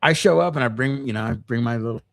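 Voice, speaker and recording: A man's voice: medium pitch, fast talker, creaky. A middle-aged man telling stories as a podcast guest in casual chat. He rambles and swears constantly as he talks. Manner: profane, rambling, heavy swearing. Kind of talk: casual storytelling.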